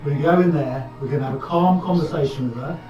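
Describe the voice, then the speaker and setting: A man's voice: a little high, fast talker, distant mic, muffled recording. A man player chatting casually while planning a move at a tabletop game, often repeating words as he starts sentences. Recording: roomy, from afar, music behind.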